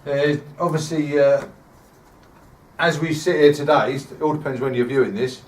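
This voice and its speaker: A man's voice: a little high, fairly even intonation, moderate pace. Chatty man in an echoey room. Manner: chatty, signs off cheerfully. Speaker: host of a supporters' club video show. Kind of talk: casual chat. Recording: echoey room, voice from far off the mic.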